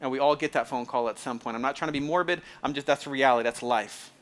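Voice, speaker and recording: A man's voice: medium pitch, fast talker, a bit bright. Male pastor, mid-range voice, talky sermon style, stumbles and restarts, checks in with the crowd. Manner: conversational, repeats phrases, asks the audience if it makes sense; restarts and stumbles often, fills with "like".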